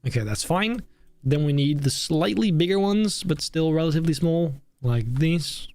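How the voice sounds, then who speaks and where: A man's voice: on the high side, lively intonation, normal speed, darkish tone, no echo. A young British man chatting casually on a live stream as he builds, thinking aloud and poking fun at himself. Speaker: streamer building a theme park. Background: faint background music.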